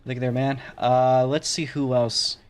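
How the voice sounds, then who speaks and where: A man's voice: mid-range voice, flat delivery, measured pace, clear, resonant tone. Joking casual stream host, a man. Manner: joking, offhand, loose questions. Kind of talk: casual live-stream interview.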